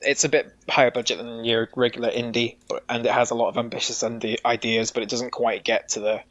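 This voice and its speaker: A man's voice: medium pitch, level tone, brisk, a bit bright, no echo. A man, a podcast guest, chatting casually and rambling through a game review. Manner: rambling, with frequent restarts and swearing. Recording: dull dry sound.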